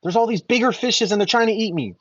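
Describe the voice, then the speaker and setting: A man doing a tiny baby fish with a raised, breathy, husky voice that begs over and over. The pleading is urgent, with lots of repeated words. The recording is dull and lo-fi, with no room sound. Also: high-pitched, quick pace, fairly bright tone, no echo, voice pushed up.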